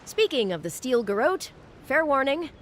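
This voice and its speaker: A woman's voice: high-pitched, big pitch swings, normal speed, slight background noise. An actress playing a harried female guard captain in a game, weary and apologetic.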